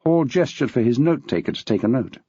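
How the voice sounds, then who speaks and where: A man narrating an audiobook in a measured, expressive reading style. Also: mid-range voice, husky, no echo. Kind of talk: scripted narration. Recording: dull, dry.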